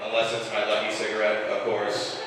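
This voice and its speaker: A man's voice: fairly low pitch, completely flat delivery, brisk, background noise. A young man performing live stand-up in a comedy club, out of breath, loose and self-deprecating as he chats with the crowd. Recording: roomy club reverb, mic heard from a distance. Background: live audience, club ambience.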